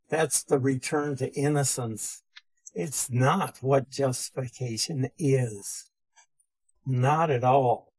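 A man lectures on theology as a Bible teacher, defining each term with care and repeating the key phrases. His voice is husky and a little breathy. He speaks slowly and deliberately. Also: medium pitch, a little mellow, rough recording.

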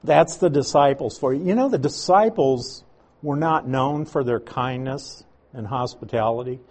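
A man's voice: medium pitch, normal speed, a little mellow. A man teaching a Bible passage, reading verses aloud and explaining Greek words.

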